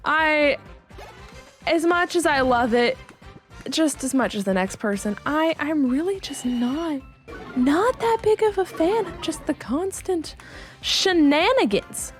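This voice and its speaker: A young woman giving bubbly, animated gameplay commentary as a video creator, laughing often. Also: high-pitched, slow, faint music behind.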